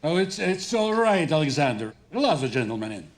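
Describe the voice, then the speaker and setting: A mob boss, lively pitch. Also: male voice, a little fast, noisy background. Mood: cold. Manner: smooth, polite and quietly threatening. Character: calm menacing Russian mob boss, middle-aged man.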